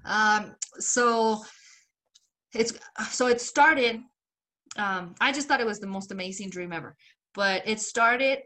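A woman's voice: fairly high pitch, sharp tone. A young woman co-hosting a podcast, rambling through stories in a casual chat, swearing and laughing often. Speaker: podcast co-host.

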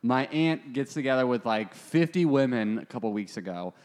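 A man's voice: medium pitch, lively intonation, normal speed, darkish tone. A young man in casual podcast chat, riffing sarcastically and joking as he tells a family story.

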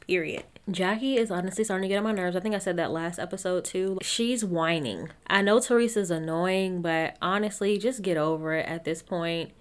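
A woman's voice: fairly low pitch, fairly quick, hardly any pauses. A young woman giving a casual, opinionated recap of a reality TV show, laughing often and talking to her listeners as y'all.

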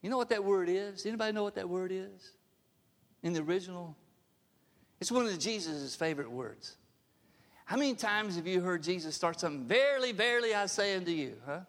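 A man's voice: high-pitched, fairly quick, long pauses, long reverb tail. A male pastor preaching a sermon, emphatic, often asking the congregation questions. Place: church sanctuary.

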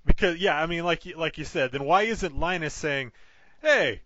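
A man's voice: a little high, brisk, sharp tone. A man co-hosting a casual movie podcast, incredulous and swearing casually as he reacts. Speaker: podcast co-host. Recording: dull lo-fi audio with faint noise.

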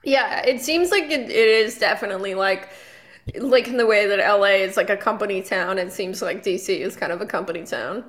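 A woman's voice: medium pitch, fairly quick, a bit bright. A woman comedian co-hosting a podcast, telling a story in a rambling casual way with lots of fillers and restarts. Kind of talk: casual chat.

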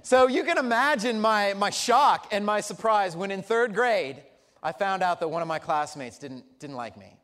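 A high-pitched pastor at a moderate pace leads a sermon full of chatty, funny stories, lively throughout. The setting is a church sanctuary, heard with long reverb.

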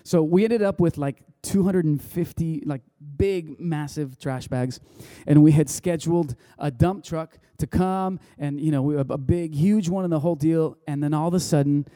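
A man's voice: on the high side, moderate pace, hardly any pauses, warm tone, no echo, studio quality. A man preaching a sermon, telling a personal story in a loose, conversational way with many restarts. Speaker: pastor.

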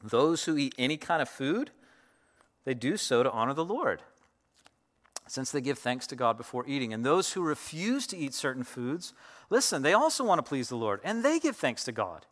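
A man's voice: medium pitch, big pitch swings, normal speed, fairly bright tone. A man in his thirties, a pastor, preaching a sermon in a loose, conversational storytelling way with many fillers.

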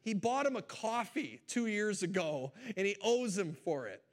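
A man preaching a sermon to his congregation, telling a story with animated energy and speaking directly to them. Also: high voice, moderate pace. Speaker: pastor.

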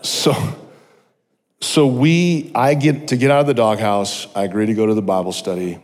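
A middle-aged man giving a personal testimony sermon, telling his story with animated energy and joking asides. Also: lowish voice, moderate pace. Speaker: guest speaker. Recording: long hall reverb.

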